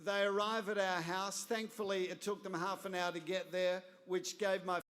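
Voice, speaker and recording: An Australian man in his fifties giving a speech at a gala dinner, telling a story with deliberate, wry comic timing. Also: high voice, flat delivery, a bit bright. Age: 50s. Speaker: guest speaker at a gala dinner. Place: large banquet hall. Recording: reverberant hall.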